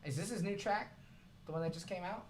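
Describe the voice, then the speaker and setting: A man's voice: sits high, a little fast, slight background noise. A man co-hosting a music review livestream, chatting casually and curiously about beats. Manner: laid-back, chatty, curious. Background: music playing.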